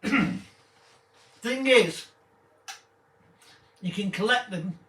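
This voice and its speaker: A man with a hoarse, croaky voice giving casual, rambling game commentary, chatty and quick to taunt enemies. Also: high voice, lively intonation, pushed and bright. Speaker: gameplay commentator. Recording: echoey and distant from the mic.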